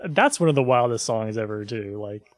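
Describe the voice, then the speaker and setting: A man's voice: fairly low pitch, lively intonation, fairly quick, dry recording. A man co-hosting a podcast, chatting casually in a laid-back, rambling way with lots of fillers. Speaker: podcast co-host. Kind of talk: casual chat.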